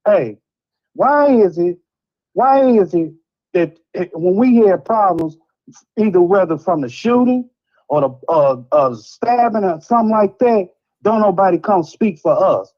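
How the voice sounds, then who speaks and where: A man's voice: sits high, animated, a little slow, highs cut off. A man from Chicago calling in to a talk show, ranting in a rambling, frustrated way. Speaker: caller. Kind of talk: heated call-in rant.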